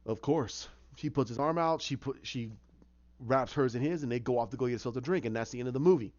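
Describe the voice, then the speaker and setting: Halting male storyteller, muffled recording. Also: medium pitch, darkish tone. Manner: halting, with many restarts and fillers, acting out lines. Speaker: fan retelling his own story idea. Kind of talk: casual rambling storytelling.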